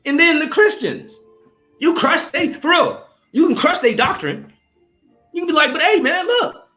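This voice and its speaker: Cursing liberally and ridiculing his opponents, a man delivers a heated, confrontational sermon at a normal speed. His intonation swings widely as he pushes his arguments, and the echoey room carries faint background music behind him.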